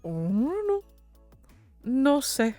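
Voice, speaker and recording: A woman's voice: high-pitched, big pitch swings, very slow, warm tone, no room sound, soft background music. A woman streaming, chatting casually and giggling with her viewers, swearing now and then. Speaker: VTuber streamer.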